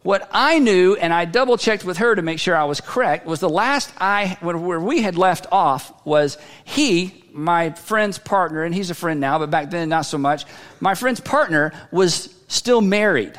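A man preaching a sermon as a pastor, telling a story in a conversational way with halting restarts. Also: high-pitched, animated, fairly bright tone. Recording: long hall reverb.

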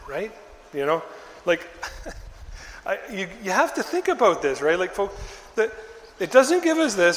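An older man preaching a sermon as pastor, telling the story in a lively, conversational way and acting out the bystanders in little voices. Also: fairly high pitch, roomy sound, long reverb tail, a little hiss or hum.

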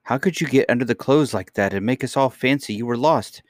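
A sharp-tongued, shrill nursemaid, raised in pitch and loud, scolding without letup, as a man acts her. The storybook voice is recorded dry and close. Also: expressive, brisk, dry recording, natural voice. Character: scolding, shrill woman nurse, easily angered.

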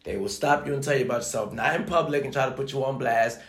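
Man, gravelly voice, profane motivational rant, preachy, echoey room. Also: medium pitch, fast talker, a bit bright.

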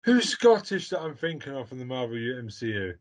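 Male podcast host, casual jokey rambler, mid pitch. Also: big pitch swings, fairly quick. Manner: joking, rambling, reads listener questions. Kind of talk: casual chat.

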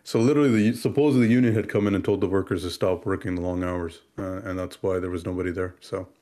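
Low-voiced man telling a story. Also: fast. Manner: animated storyteller acting out quoted exchanges. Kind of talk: casual chat.

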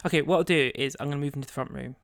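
A woman's voice: extremely low pitch, rapid-fire, gravelly. A young woman co-hosting a film podcast, chatting casually and giggling often. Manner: conversational, giggly. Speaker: podcast co-host. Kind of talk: casual chat.

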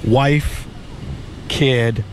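A man hosting a podcast, telling crude stories in animated, profane casual banter into a studio microphone. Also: medium pitch, extremely slow, slight background noise. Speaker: podcast host.

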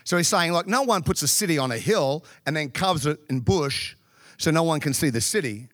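High-voiced male preacher telling stories. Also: expressive, brisk, fairly bright tone, dry recording, clean studio sound. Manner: humorous storytelling, addresses the congregation. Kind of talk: sermon.

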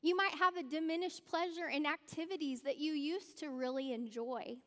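A woman's voice: sits high, fairly even intonation, moderate pace, a bit bright. A woman speaking in a church, giving a conversational sermon and addressing the congregation directly. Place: church hall. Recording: long church-hall reverb.

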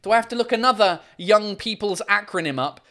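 A man's voice: high voice, lively intonation, a little fast, pushed and bright. Man, livestream host, casual chat from home, rambling, lots of fillers, swears freely. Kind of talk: casual live chat reading comments.

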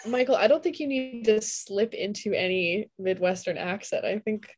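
A woman co-hosting a podcast who teases her co-host with quick, laughing remarks. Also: medium pitch, a little mellow. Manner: teasing, quick-witted, laughing. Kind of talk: casual chat.

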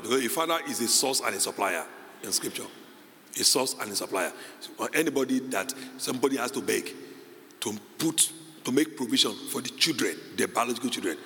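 A male pastor preaching a sermon, moving between quiet conversational asides and loud, high, shouted emphasis. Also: slight background noise. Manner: animated preaching, swinging from low asides to high shouted peaks. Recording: reverberant hall with faint ambience.

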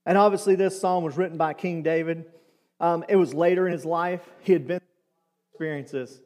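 A man's voice: on the high side, fairly even intonation, normal speed, a little mellow. Man, pastor, sermon, conversational storytelling, long reverb in a church hall. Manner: storytelling, conversational with asides to the congregation. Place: church sanctuary.

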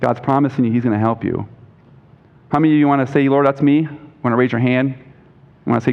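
A man's voice: medium pitch, steady tone, quick pace, vocal fry, long pauses. A man preaching a sermon as a pastor, emphatic, quoting scripture with a rising voice and asking the congregation questions. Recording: dull lo-fi recording with long hall reverb.

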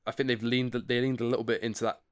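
A man co-hosting a podcast, chatting casually and dropping dry, deadpan quips. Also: mid-range voice, quick pace, clear, resonant tone. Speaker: podcast co-host. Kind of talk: casual chat.

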